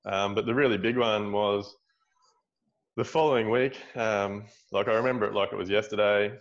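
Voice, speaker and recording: Low-voiced Australian man telling a story. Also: steady tone, normal speed, lo-fi sound. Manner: rambling, many restarts and "like". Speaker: guest, builder running seminars. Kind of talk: casual storytelling interview.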